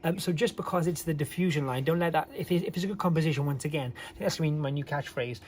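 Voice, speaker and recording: A man's voice: a little high, fast. A man chatting casually as a co-host in a haul video, joking and bantering. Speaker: reseller vlogger, co-host.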